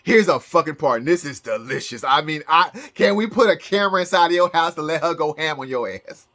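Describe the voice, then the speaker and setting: A man's voice: a little high, lively intonation, fairly quick, bright, forceful tone. A man talking in a casual vlog as a psychic, rambling with many restarts and bursts of laughter. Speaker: psychic YouTuber.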